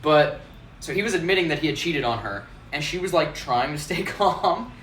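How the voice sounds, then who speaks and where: A man's voice: on the high side, moderate pace, far from the mic. Brief: male bar-owner host, chatty storyteller, recorded in a roomy space some way from the mic with faint background noise. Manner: animated, laughs often, acts out quotes. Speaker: bartender and host. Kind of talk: casual storytelling.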